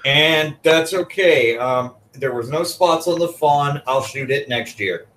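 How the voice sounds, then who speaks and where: A man's voice: a little high, a little slow, fairly bright tone. A man in a casual podcast chat, making dry, laid-back jokes.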